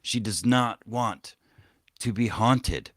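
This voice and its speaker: A low-voiced man co-hosting a podcast, spinning crude, profanity-laced stories. His voice sounds dry and close, with no room around it. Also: takes it slowly, fairly bright tone, no room sound. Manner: crude, profane storytelling with laughs. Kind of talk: casual podcast chat.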